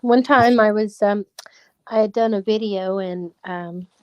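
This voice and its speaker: A woman's voice: medium pitch, a little slow, lo-fi sound. A woman chatting casually as a guest on a stream, talking earnestly and rambling with many restarts. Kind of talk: casual chat.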